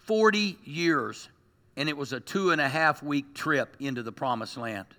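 A man preaching in a high voice that rings very bright and sharp. He delivers a sermon to his congregation with lively energy and slips joking asides between his points. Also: moderate pace, in a large hall. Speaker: pastor.

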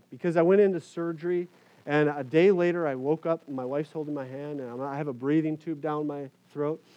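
Earnest pastor sharing a halting testimony. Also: male voice, a little high, mellow, muffled recording. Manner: earnest, halting, with repeated words and fillers. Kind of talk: personal faith testimony to an audience.

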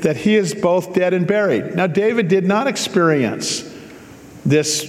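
Preacher man with a slightly high voice. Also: a little slow, in a large hall. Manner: casual, joking asides between scripture readings. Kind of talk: sermon, reading and explaining scripture.

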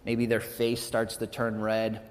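A man's voice: on the low side, completely flat delivery, measured pace. A man in his thirties, a pastor giving a conversational sermon, telling the story casually and checking in with the congregation with frequent "right?" asides. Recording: long hall reverb.

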